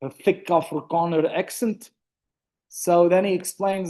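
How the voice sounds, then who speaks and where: A man, a rabbi telling stories in a relaxed class held over a video call, often stopping to restart his sentences. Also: high voice, a little slow. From South Africa. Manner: chatty storytelling, frequent restarts. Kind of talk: online Torah class.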